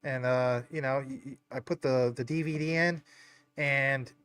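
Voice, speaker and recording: A man's voice: medium pitch, fairly even intonation, measured pace, a bit bright, clean tone. A man hosting a live stream, talking in a rambling, casual way with lots of fillers, his nose a bit stuffy. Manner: rambling, many fillers and tangents. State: stuffy nose, a little choked up. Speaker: livestream host.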